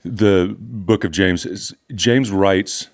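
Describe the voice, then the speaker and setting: A man's voice: low-pitched, steady tone, takes it slowly. An older man, a pastor, teaching from scripture in an earnest, emphatic conversational way. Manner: earnest, emphatic, repeats phrases for stress.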